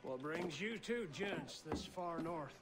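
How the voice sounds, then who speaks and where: An actor voicing an imposing, sly pirate chief in a video game cutscene, speaking in a measured, wry way. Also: male voice, a little high, animated. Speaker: game character. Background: music score.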